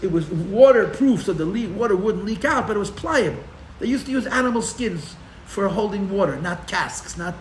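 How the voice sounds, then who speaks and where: A man's voice: high voice, gravelly. Male rabbi, live class, sarcastic humor, Hebrew and Yiddish terms, roomy echo, faint background noise. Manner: animated storytelling with sarcastic humor. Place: room for a live-streamed class.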